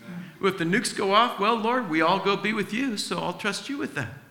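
A man preaching a sermon, animated, acting out the voices of people in the story he tells. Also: high-pitched, fairly quick, a little hiss or hum. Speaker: pastor. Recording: echoey hall.

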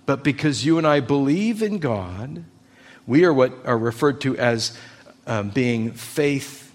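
A man delivers a sermon at an unhurried pace. He presses his points with rhetorical questions and firm emphasis, his pitch sitting in an ordinary middle range. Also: expressive. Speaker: preacher.

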